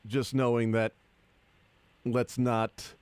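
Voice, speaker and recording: A man hosts a sports talk radio show with a sarcastic, deadpan delivery. His voice sits at an ordinary middle pitch. The studio sound is close and dry, with no room echo. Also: takes it slowly, clean tone. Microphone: studio microphone.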